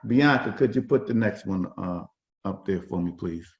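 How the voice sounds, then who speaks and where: Man, low voice, workshop facilitator, informal talk, fillers and restarts, dull lo-fi video call audio. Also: moderate pace, gravelly, a little mellow.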